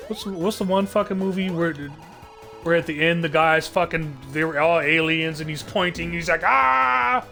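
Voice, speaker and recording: A man with a slightly high voice rants live to his stream chat, wandering from point to point with sardonic asides and a steady stream of curse words. Faint music plays quietly under his voice. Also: normal speed. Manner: rambling, heavy cursing, sardonic.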